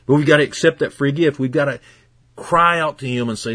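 A man preaching a sermon as pastor, earnest and fervent, moving from hushed passages to loud, emphatic ones. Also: mid-range voice, big pitch swings, fairly quick, breathy edge, dry recording, studio quality.

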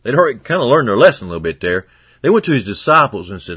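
A man preaching a sermon in a folksy, conversational way, swinging between loud and hushed. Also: medium pitch, sing-song, quick pace, breathy edge, dry recording.

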